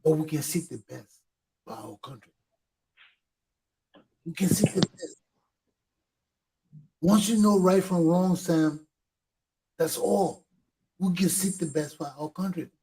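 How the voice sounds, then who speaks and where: A man's voice: a little high, slow pace, pauses often, dark tone, husky, rough recording. A middle-aged man with a Liberian English accent hosting a talk show, speaking in a fiery way, repeating points for emphasis and swearing. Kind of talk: impassioned talk show monologue.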